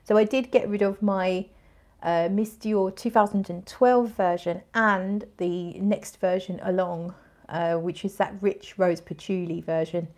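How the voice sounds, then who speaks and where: A woman's voice: medium pitch, steady tone, a little slow, a little mellow. A woman in her forties hosting a casual fragrance livestream, reading viewer comments and chatting in a bubbly, rambling way. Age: 40s. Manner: chatty, bubbly, with frequent restarts and laughs. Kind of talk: casual live-stream chat reading comments.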